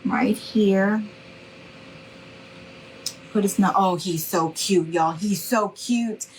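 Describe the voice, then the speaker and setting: A woman's voice: medium pitch, slow, a little hiss or hum, poor audio. A middle-aged woman, giving a live craft tutorial in a chatty, reassuring way and greeting viewers by name. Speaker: craft instructor.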